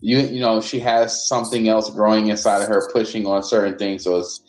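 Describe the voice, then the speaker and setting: A man's voice: lowish voice, level tone, fairly quick, darkish tone, echoey room, rough recording. A man on a casual group video call who argues back and teases the host. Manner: argumentative, teasing. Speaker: panelist.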